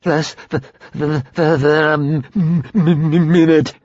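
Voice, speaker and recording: A wiry, daring smuggler stammers through chattering teeth in a raised, tight voice, as a male narrator does him. It is slow and dry on a dull lo-fi audiobook track. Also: on the high side, steady tone, darkish tone, no room sound, pitched above the performer's own voice. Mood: shivering, urgent. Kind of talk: audiobook character voice. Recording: dull lo-fi recording.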